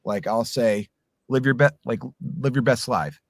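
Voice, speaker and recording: A man, a voice actor, chatting casually and animatedly about his craft and demonstrating warm-ups, his voice a little sore. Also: medium pitch, measured pace, no room sound, studio quality. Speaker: voice actor guest. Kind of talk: casual chat explaining voice acting.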